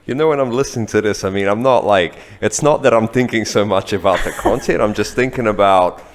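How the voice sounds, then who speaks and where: A man's voice: lowish voice, brisk. A man hosting a podcast, asking probing, challenging questions in casual talk. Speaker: podcast host. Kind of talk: casual interview.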